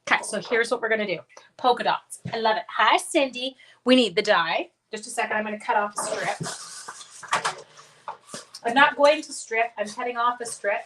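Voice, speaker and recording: A woman's voice: a little high, normal speed, noisy background. Chatty woman demonstrating card crafts. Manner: chatty, thinks aloud, greets viewers. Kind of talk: casual live crafting demo.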